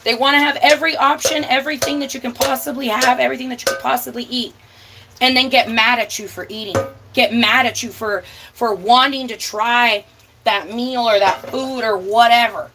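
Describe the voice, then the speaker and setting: Profane, ranting young woman, high voice. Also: fairly even intonation, noisy background. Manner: blunt, profane, emphatic ranting; drawn-out words for emphasis. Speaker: vlog host. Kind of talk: casual ranting chat while cooking.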